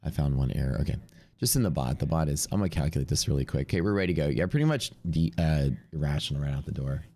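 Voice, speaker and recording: A young adult man with a warm bass voice commentates casually on his live day-trading stream, congested and sniffling. He talks fast and animatedly in an offhand way, thinking aloud as he reads out numbers.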